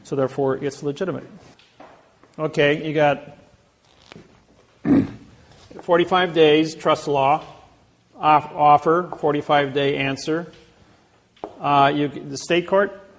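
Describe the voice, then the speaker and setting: A man giving a rambling storytelling lecture to a class, with many halting restarts. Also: fairly high pitch, fairly even intonation. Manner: rambling anecdotes with acted quotes. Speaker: speaker teaching a class.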